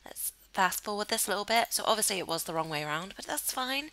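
A woman's voice: mid-range voice, expressive, fast talker, bright, forceful tone. A young woman casually commenting while playing a life-sim game, chatty and giggly and gushing over what she sees. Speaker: gaming channel host. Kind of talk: casual let's play commentary.

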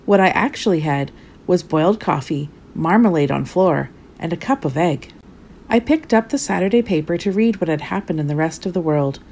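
A woman reading a storybook as a clumsy, cheerful male character, telling his own tale of mishaps in a lively, rueful way. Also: fairly low pitch, moderate pace, a little hiss or hum.

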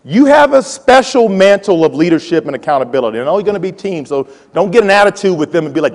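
A man in his forties giving a playful, animated motivational talk to students and calling out to the audience. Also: sits high, fast talker, hardly any pauses. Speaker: college president giving a talk. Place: large hall with a live audience. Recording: hall reverb.

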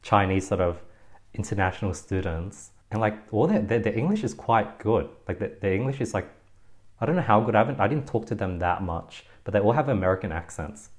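Australian man, low voice, rambling host. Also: animated, a little fast, darkish tone. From Australia (West Sydney). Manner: rambling, many fillers and restarts. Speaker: podcast host. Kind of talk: casual interview.

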